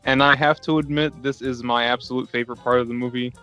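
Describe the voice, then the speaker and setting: Easygoing dude on a movie podcast, mid-range voice, lots of likes, faint music under it. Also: male voice, medium pitch, steady tone, fast talker, pushed and bright. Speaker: podcast co-host. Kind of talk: casual movie chat over beers.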